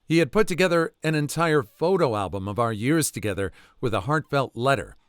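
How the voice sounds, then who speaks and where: A man reading online stories aloud with lively storytelling. His pitch swings widely as he speaks. The sound is dry, with no room echo. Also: fairly quick, clean tone. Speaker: narrator.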